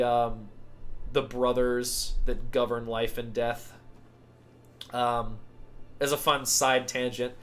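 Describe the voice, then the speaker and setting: A man's voice: medium pitch, fairly bright tone. Rambling young American man. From United States. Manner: rambling, heavy use of "like", self-mocking asides. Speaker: writer describing his novel. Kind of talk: casual chat.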